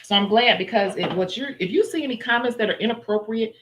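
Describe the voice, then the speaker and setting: A chatty woman with a Chicago accent hosts a casual livestream from home. She talks bluntly and forcefully and laughs often as she greets viewers. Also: fairly high pitch, quick pace, slight background noise. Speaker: nail tech livestream host. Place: indoors at home.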